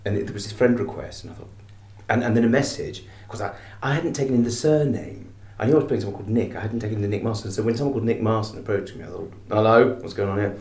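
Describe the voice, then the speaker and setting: A man's voice: lowish voice, racing, few pauses, dark tone, echoey room. A man stage actor speaking hesitantly and reflectively in an interview.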